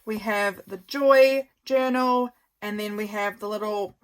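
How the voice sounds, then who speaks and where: A woman's voice: medium pitch, steady tone, a little slow, clean tone. A woman, a journal maker, chatting casually while showing her work, gushing and a little tired. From New Zealand. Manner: chatty, gushing, softly rambling. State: tired, yawning. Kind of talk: casual craft show-and-tell.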